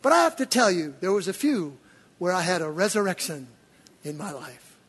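An older male preacher with a very high, husky voice tells his story animatedly, dropping to hushed asides and then rising to loud, excited bursts. His voice rings with the long reverb of a large church hall. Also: normal speed. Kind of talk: sermon storytelling.

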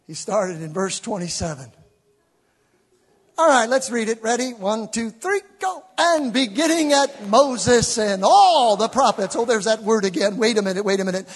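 A man preaching a sermon to a live congregation in a church, swinging from shouted peaks to low, conversational asides and joking with the listeners. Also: breathy edge. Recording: long hall reverb.

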